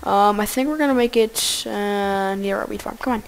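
A woman giving goofy, excitable casual gameplay commentary, talking to the animals in her game. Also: medium pitch, normal speed, vocal fry, a little hiss or hum.

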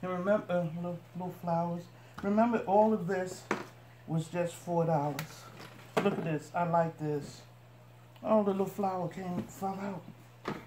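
A woman's voice: fairly low pitch, fairly even intonation, measured pace. A woman vlogger chatting to her viewers as she unpacks boxes and shows each item. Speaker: couponing vlogger. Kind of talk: casual unboxing narration. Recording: echoey room with noise.

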